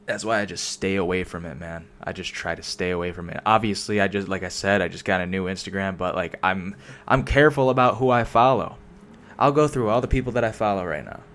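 A young man on his own vlog, ranting off the cuff into a desk mic. His voice sits a bit on the low side, and he rambles through restarts and fillers, swearing nearly every sentence. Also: fairly quick, a bit bright. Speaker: solo vlogger. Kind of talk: casual unscripted rant. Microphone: desk microphone.

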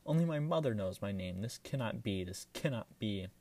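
A man's voice: fairly low pitch, expressive, normal speed, warm tone, distant mic. A man voicing a small, gleeful, mischievous male elf who gloats in a sing-song way. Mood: shocked fury.

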